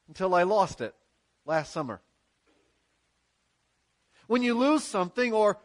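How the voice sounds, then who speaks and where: Earnest high-voiced male pastor preaching. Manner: earnest, emphatic preaching with rhetorical questions. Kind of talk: sermon.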